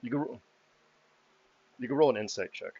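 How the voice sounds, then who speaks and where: A man's voice: medium pitch, normal speed, gravelly, mellow, breathy edge, muffled recording. A man narrating a tabletop game as game master in a casual, loose way.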